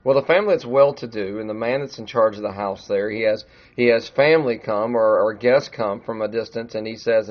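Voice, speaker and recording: A man's voice: on the low side, fairly quick, few pauses, dull audio. A middle-aged man preaching a sermon in a conversational way, growing emphatic as he retells a story. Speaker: pastor.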